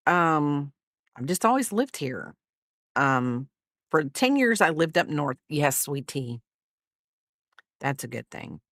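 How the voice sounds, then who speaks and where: Crafting at home while she livestreams, a woman rambles chattily and keeps apologizing for herself. Her low voice swings widely in pitch, moves slowly with long pauses and has a fairly bright tone. The sound is dry and clean, like a studio.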